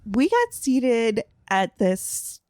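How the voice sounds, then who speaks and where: A woman's voice: a little high, sing-song, very slow, darkish tone, no room sound. Brief: talkative woman, storyteller, lots of fillers, dry close sound. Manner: chatty storyteller, laughs often, many fillers. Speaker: podcast guest. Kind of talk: casual chat.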